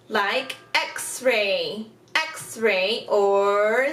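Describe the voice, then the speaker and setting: A woman teaching kindergarten phonics, sounding out letters and words slowly with exaggerated care and patient, encouraging questions. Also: medium pitch, fairly bright tone, recorded from a distance. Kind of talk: recorded phonics lesson for young children. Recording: echoey room, off-mic, faint background hiss.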